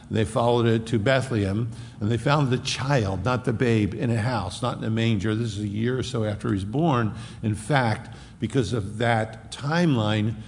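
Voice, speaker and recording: A man preaching in an animated, emphatic way, with a gravelly edge to his voice. He hammers points home by repeating phrases. A long hall reverb trails behind every word. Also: mid-range voice. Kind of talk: expository sermon.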